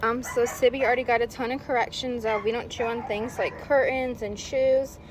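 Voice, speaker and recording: A woman's voice: fairly even intonation, moderate pace, background noise. A woman dog trainer giving friendly, explanatory tips to a puppy's new owners, with fillers and easy restarts. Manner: switches to a high, sing-song praise voice with the puppy. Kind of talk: instructional video for a puppy's owners.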